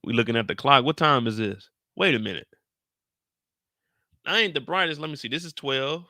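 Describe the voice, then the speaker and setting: Male recap host, loose and cussing, jokes to the audience; forceful bright tone, dead-dry sound. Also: medium pitch, moderate pace, no echo. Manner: profane, joking, addresses viewers directly. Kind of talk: casual episode recap commentary.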